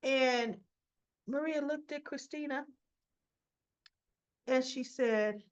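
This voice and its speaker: A woman's voice: sits high, slow, clean tone, dull audio. A woman casually recapping a soap opera episode, acting out the characters' lines with chatty asides to her viewers. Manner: chatty, retells scenes by voicing the characters' lines.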